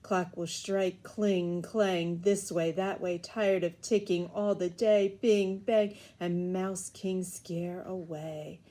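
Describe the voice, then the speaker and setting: A woman voicing an odd old male godfather and clockmaker in a storybook reading, chanting in a grating monotone. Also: lowish voice, slow pace, hardly any pauses.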